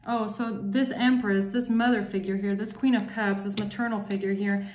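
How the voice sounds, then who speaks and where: A woman's voice: medium pitch, steady tone, normal speed, hardly any pauses, a little mellow, reverberant. A woman doing a tarot reading for her viewers, angry and emphatic, swearing often. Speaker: tarot reader.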